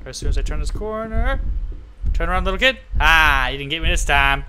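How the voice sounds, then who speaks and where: A young man mutters his way through a horror game, nervous and jumpy, repeating nope over and over. His voice sits a little high. A clear background noise runs under his desk-mic recording. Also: animated, fairly quick, sharp tone, poor audio. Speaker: gaming YouTuber.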